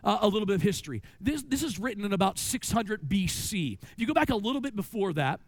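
A man preaching to his church in a high, lively voice. He tells stories and asks rhetorical questions, and the sound is dry and close, with hardly any room. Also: fast, no echo. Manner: animated storytelling with rhetorical questions. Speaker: pastor. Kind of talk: sermon. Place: church sanctuary.

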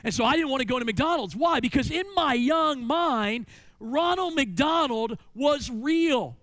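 A man preaching to his church in a high, lively voice. He tells stories and asks rhetorical questions, and the sound is dry and close, with hardly any room. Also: unhurried, no room sound. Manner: animated storytelling with rhetorical questions. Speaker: pastor. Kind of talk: sermon. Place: church sanctuary.

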